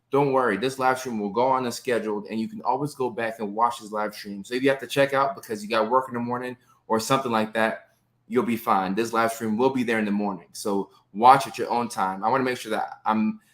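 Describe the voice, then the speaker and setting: A man's voice: mid-range voice, fairly bright tone. A man in his thirties hosting a casual live stream, greeting viewers by name in an upbeat, chatty way with plenty of fillers, recorded indoors on a phone or webcam close to his face. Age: 30s.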